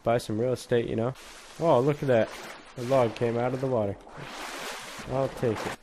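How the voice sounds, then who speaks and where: A man jokes and swears his way through a video game in an easygoing, mid-pitched voice. Game sound and noise sit clearly behind him on a noisy home recording. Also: fairly even intonation, normal speed, long pauses. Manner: joking, crude, swears a lot. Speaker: gameplay commentator. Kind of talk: casual let's play commentary.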